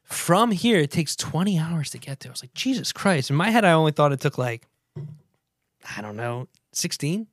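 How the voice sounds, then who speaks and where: A man co-hosting a podcast, telling stories in an animated way and laughing easily in casual chat. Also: on the high side, moderate pace, dry recording, clean studio sound. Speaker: podcast co-host.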